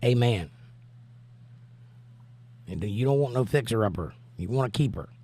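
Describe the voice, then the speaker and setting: Folksy Southern man, hoarse. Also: medium pitch, animated, moderate pace, mellow. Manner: easygoing, folksy, drawling. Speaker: livestream host. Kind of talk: reading chat comments aloud on a livestream.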